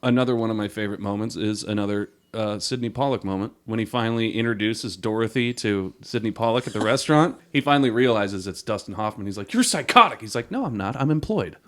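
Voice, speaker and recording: Easygoing low-voiced man chatting. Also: steady tone, quick pace, hardly any pauses. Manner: rambling, laughs often. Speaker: podcast co-host. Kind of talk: casual film chat.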